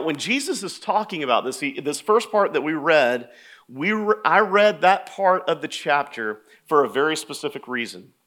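A man preaching a sermon, talking plainly with stammers and restarts, then rising to loud, emphatic scripture reading. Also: on the high side. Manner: conversational asides with restarts and stammers. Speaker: pastor.

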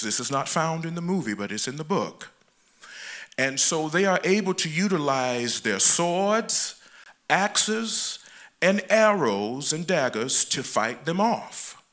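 A man giving a sermon as a lay preacher, with animated emphasis that rises and falls and slows on key words. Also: on the high side.

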